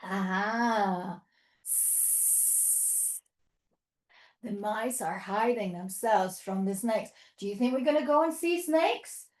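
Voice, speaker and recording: A woman's voice: sits high, a little mellow. A woman leading a toddler yoga class in a sing-song, encouraging way, with playful animal sounds. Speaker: children's yoga teacher. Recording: echoey room.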